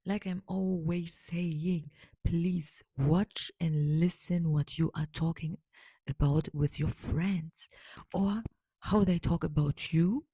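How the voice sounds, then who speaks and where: A woman's voice: fairly low pitch, steady tone, slow, warm tone, husky, dry recording. A woman hosting a solo podcast, speaking as an in a rambling, emphatic way with many fillers and repeated words. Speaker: podcast host. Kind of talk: casual solo podcast monologue.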